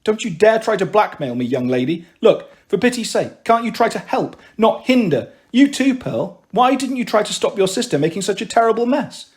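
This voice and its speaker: A man's voice: sits high, big pitch swings, moderate pace, hardly any pauses. A man reading a story aloud, voicing a harried mother who scolds her daughters in an exasperated way. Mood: scolding. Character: harried, emotional working-class mother. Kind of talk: audiobook reading.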